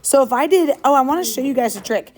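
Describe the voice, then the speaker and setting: A woman teaching a math class, upbeat and quick, calling out questions to her students. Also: sits high, animated, darkish tone. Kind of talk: classroom lesson.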